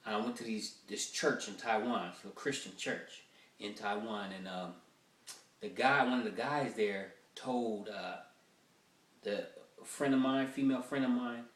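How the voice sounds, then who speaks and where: A man's voice: lowish voice, unhurried, echoey room, recorded from a distance. Profane man rambling through a stand-up bit. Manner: profane, rambling storytelling with many fillers. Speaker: stand-up comedian. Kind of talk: rough-draft stand-up routine.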